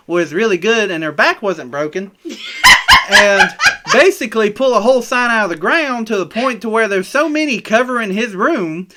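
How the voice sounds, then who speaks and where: Bright-voiced man, rambling podcast storyteller, stumbles and swears, casual. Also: high-pitched. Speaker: podcast co-host. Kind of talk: casual chat.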